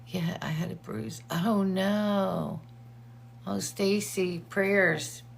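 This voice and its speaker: A woman's voice: mid-range voice, steady tone, drawn-out words, vocal fry. A woman hosting a casual livestream, chatting and greeting viewers by name while sharing updates, her eyes teary from allergies. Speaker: livestream host.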